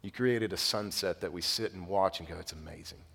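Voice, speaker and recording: A young man preaching as a pastor, with a fairly low voice that rings out in a hall with a long echo. He tells stories in a relaxed, chatty way, gets louder when excited, then drops to a quiet, solemn emphasis. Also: brisk. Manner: conversational, animated storytelling with sudden quiet emphasis. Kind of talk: sermon.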